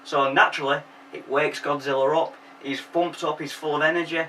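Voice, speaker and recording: A man's voice: a little high, fairly even intonation, a little fast, pushed and bright, far from the mic, rough recording. Brief: young male host, jokey sweary film recap, faint background hiss.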